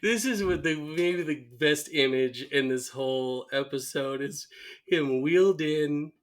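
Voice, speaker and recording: A man's voice: on the high side, measured pace. A man co-hosting a podcast in casual chat, retelling TV scenes with laughs and acting out the quoted lines. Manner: animated storyteller, acts out quoted lines with laughter. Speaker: podcast co-host. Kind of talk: casual chat recapping a TV episode.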